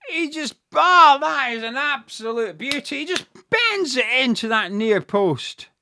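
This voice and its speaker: A man giving live fan commentary on a football match, excitable and swearing freely, bursting into shouts at big moments. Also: very high voice, a little slow, slight background noise.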